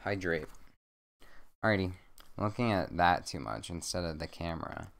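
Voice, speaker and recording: A young man streaming from home at a desk mic, reading a bedtime story aloud with rambling, jokey deadpan asides. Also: deep voice, moderate pace, creaky.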